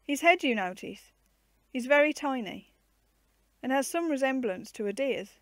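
Voicing a kindly, teasing uncle who tells children about zoo animals, a woman reads from a storybook at a normal speed. She sounds very high-pitched and expressive, with no room sound at all.

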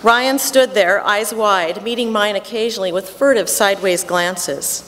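Middle-aged woman reading a story on stage. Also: medium pitch. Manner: measured, earnest storytelling. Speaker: reader of a personal essay. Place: theatre stage before an audience. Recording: theatre hall reverb with faint noise.

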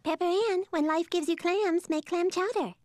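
A woman voicing a calm, earnest middle-school girl who gives wordy advice. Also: very high-pitched, moderate pace, no room sound, studio quality. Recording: cartoon soundtrack with faint music.

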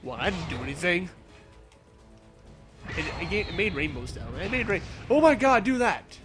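A man giving excitable, playful gameplay commentary, yelling and teasing as he plays. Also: high voice, moderate pace, over music. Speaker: let's play commentator.

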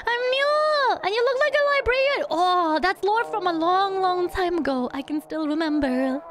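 A woman's voice: extremely high pitch, noisy background. A young woman streamer giving playful, bubbly live gameplay commentary and humming little sound effects. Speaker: VTuber streamer.

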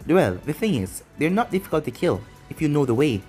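Casting: a stern, no-nonsense demon hunter girl, lively phrasing, read by a man. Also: on the high side, a little fast, soft background music. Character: mysterious young female demon hunter, stern instructor.

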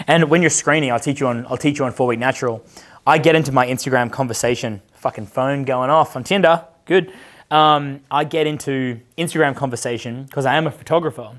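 A man in his thirties talks to a live audience as a dating coach, loose and brash, his speech full of swearing and anecdotes. His pitch sits in an ordinary middle range for a man. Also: fairly quick, a bit bright. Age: 30s. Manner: brash, profane, storytelling. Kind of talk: casual seminar talk with audience questions.

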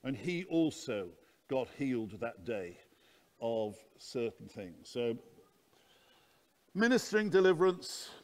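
A man's voice: medium pitch, very animated, slow pace, pauses often. A man preaching at a conference, telling stories in an earnest, anecdotal teaching manner. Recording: long hall reverb.

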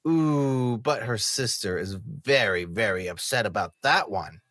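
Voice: mid-range voice, lively intonation, a little slow, a bit bright, no echo, clean studio sound. Sarcastic reviewer mocking a TV episode. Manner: swears casually. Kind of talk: casual review commentary.

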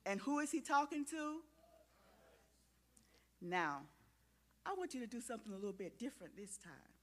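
A woman's voice: a little high, very animated, normal speed, a bit bright. A woman giving a children's sermon in a church, coaxing and interactive as she asks the kids questions and gets them to join in. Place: church sanctuary.

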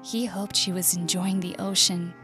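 A woman with an American accent reading a story aloud in slow, clear scripted narration for language learners. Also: on the low side, level tone, over music. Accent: US English.

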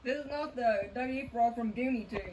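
A man chiming in with short, odd deadpan remarks while cartoons play. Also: very high-pitched, a little fast. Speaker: co-commentator. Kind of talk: offhand remarks during casual commentary.

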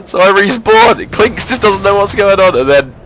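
At a moderate pace, a man gives relaxed, excitable commentary on footage of his own online match, swearing freely and rising in pitch on the big plays. The recording is rough.

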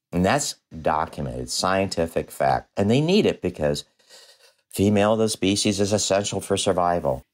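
An older man, a dentist guest on a podcast interview, telling patient stories in an animated way and jumping high in pitch when he acts out what people said.

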